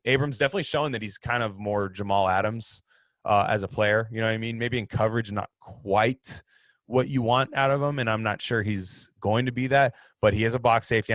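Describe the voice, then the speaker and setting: A man's voice: fairly low pitch, fairly bright tone, no echo, clean studio sound. A young man hosting a sports talk show, giving rambling, opinionated takes with lots of restarts. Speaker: sports podcast host.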